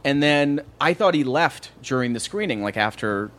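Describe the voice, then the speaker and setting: A man's voice: mid-range voice, moderate pace. A man telling a long anecdote in a casual podcast chat, acting out what people said. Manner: animated, acts out quotes. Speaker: guest. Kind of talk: casual storytelling.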